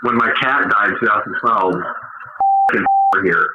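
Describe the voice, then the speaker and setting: A man's voice: lowish voice, moderate pace, echoey room. Profane man telling rambling stories. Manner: profane, rambling storyteller who often laughs. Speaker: podcast co-host. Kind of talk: casual banter. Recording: dull lo-fi sound with noise.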